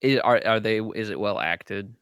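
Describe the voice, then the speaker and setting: A man chatting casually as a podcast guest, excitable and swearing freely. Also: lowish voice, moderate pace, clean tone, no echo. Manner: excitable, swears and laughs loudly. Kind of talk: casual chat.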